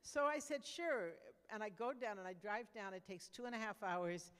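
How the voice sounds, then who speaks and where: A woman's voice: mid-range voice, expressive, fairly quick, fairly bright tone, clean tone, in a large hall. Brash older woman stand-up comic. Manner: brash, conversational, with repeated restarts. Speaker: stand-up comedian. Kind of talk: stand-up comedy storytelling.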